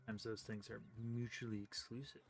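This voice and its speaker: A man's voice: lowish voice, flat delivery, quick pace, music in the background. A man hosting a casual co-op game stream, rambling with lots of fillers and chuckles. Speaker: gaming channel host. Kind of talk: casual co-op gameplay chat.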